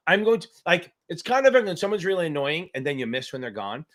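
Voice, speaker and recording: A man's voice: a little high, animated, a little fast, hardly any pauses, fairly bright tone, a little hiss or hum. A man hosting a live exam-prep Q&A stream, chatting casually with jokes and profanity. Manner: joking, profane, rambling.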